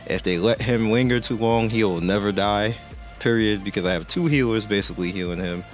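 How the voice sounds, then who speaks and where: Over soft background music, a man with a lowish voice speaks briskly. As a game reviewer with the hiccups, he rambles through casual gameplay commentary in a laid-back way, frequently correcting himself.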